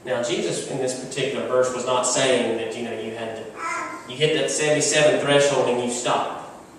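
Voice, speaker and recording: A man's voice: mid-range voice, fairly even intonation, fairly quick, slight background noise. A male pastor preaching a sermon in a conversational, emphatic storytelling manner, recorded from far off in a church. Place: church sanctuary. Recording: echoey church hall from far off.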